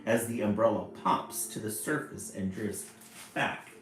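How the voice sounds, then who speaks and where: A man reading a picture book aloud, with lively, chatty asides about the pictures. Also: fairly low pitch, a little slow. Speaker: storybook reader. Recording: echoey room, faint music.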